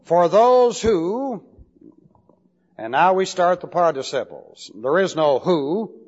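High-voiced man lecturing in a reverberant hall. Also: expressive, slow pace, darkish tone. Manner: emphatic, repeats and spells out key words. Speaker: Bible teacher. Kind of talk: classroom lecture on Greek grammar. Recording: dull lo-fi recording with long hall reverb.

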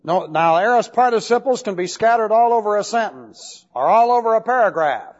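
A man's voice: high voice, lively intonation, fairly quick. A man teaching Bible Greek grammar in a classroom lecture, emphatic, repeating points and spelling out key words. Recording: dull lo-fi recording with long hall reverb.

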